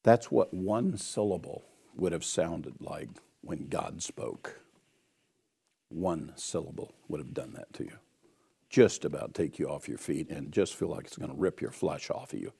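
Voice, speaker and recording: A man's voice: rumbling low, measured pace, gravelly, dark tone, slightly rough. A man preaching a sermon, telling a personal story and exhorting his listeners in an earnest storytelling way.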